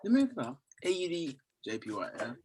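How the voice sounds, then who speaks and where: A man in casual chat about trading, excitable and swearing, calling his friend bro. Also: on the high side, fast, crowd noise, poor audio. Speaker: trader.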